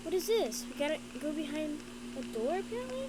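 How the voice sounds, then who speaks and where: A woman's voice: high voice, very animated, fast. A young woman doing casual commentary on a game, jumpy and frightened, often repeating herself. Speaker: gaming video creator. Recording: loud background noise.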